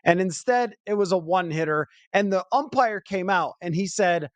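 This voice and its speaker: A man's voice: high voice, a little fast, few pauses, dry recording. A man hosting a sports podcast, chatting casually and thinking aloud with asides. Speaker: podcast host.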